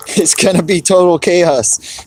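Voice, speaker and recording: A man's voice: sits high, a little mellow, husky. A man, live-streaming outdoors on a cold, windy day, rambling and greeting chat viewers by name.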